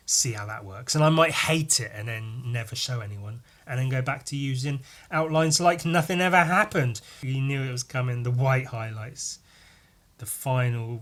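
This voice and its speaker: A young man talks casually over his painting process, rambling and self-deprecating. He drops into quiet asides and throws in the odd swear word. His voice sits at an ordinary middle pitch. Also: normal speed.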